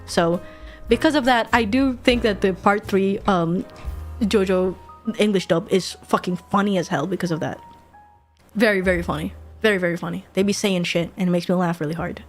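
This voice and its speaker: A woman streamer chatting casually while she draws, animated, swearing freely and laughing often. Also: mid-range voice, normal speed, faint music behind. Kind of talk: casual chat while drawing.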